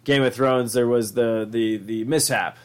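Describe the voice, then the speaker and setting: A man's voice: steady tone, a little slow, darkish tone, smooth. Profane laid-back young man, chatting. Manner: swears freely, acts out quotes in high silly voices. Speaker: podcast co-host. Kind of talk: casual chat.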